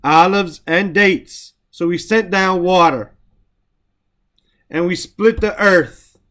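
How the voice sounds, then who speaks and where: A man with a somewhat high voice teaches the vocabulary of Quranic verses. He recites each verse rapidly, then slows down to break the words apart, repeating key terms. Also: fairly bright tone. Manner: explains word by word, recites Arabic verses quickly, repeats terms.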